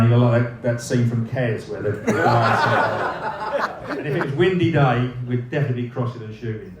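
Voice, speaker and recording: Low-voiced man swearing through laughing anecdotes. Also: background noise. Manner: laughing often, swearing, rambling restarts. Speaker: former footballer guest. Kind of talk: live storytelling anecdotes. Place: live event in a cafe. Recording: roomy echoing room, mic at a distance, faint ambience.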